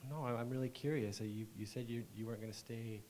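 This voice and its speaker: A man's voice: medium pitch, fairly even intonation, quick pace, warm tone, slight background noise, lightly acted, poor audio. A man playing a therapist in a counseling role-play, asking hesitant, probing questions. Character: calm male therapist, probing gently.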